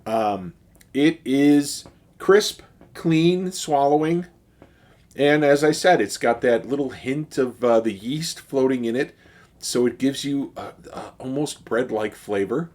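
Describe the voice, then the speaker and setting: A middle-aged man with a Chicago accent speaks at medium pitch and takes his time while reviewing a beer in his video. He's relaxed and chatty, filling gaps with fillers and sighs.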